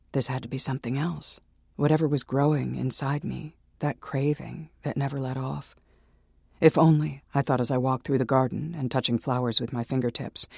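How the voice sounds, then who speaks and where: A man narrating a horror story in a slow, hushed and ominous way, close to the mic. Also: medium pitch, gravelly, husky, no echo. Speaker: narrator and host.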